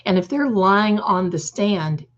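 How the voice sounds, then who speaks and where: A woman's voice: medium pitch, expressive, measured pace, highs cut off. A woman hosting a casual livestream, reading the chat aloud, calling her viewers darling and adding snarky, opinionated asides. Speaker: livestream host.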